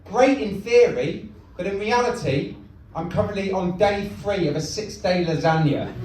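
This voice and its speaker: A young stand-up comedian, deadpan and self-mocking, with a fairly high voice. He is heard from a distance in a very echoey comedy club. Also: normal speed, a little hiss or hum.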